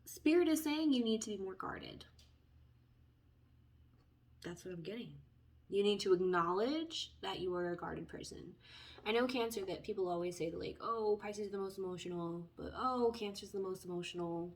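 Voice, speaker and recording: A chatty woman reads tarot cards and talks straight to her viewers. She wanders into side stories and apologizes for them. Her voice swings between loud bursts and soft, near-whispered asides. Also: mid-range voice, normal speed. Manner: chatty, tangents, lively swings in loudness. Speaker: tarot reader. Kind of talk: casual spoken tarot reading.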